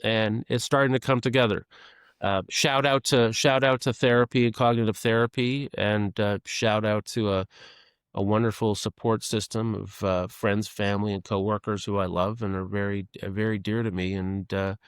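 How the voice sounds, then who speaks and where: Candid, low-voiced man reflecting openly. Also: level tone, clear, resonant tone, no echo, studio quality. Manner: reflective, self-deprecating, halting with many fillers and restarts. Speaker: podcast guest, advertising creative leader. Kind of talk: candid conversational interview.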